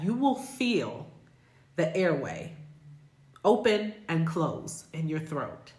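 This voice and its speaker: A woman's voice: deep voice, roomy sound. An American woman teaching English pronunciation, speaking carefully and repeating example words. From United States. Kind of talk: pronunciation lesson.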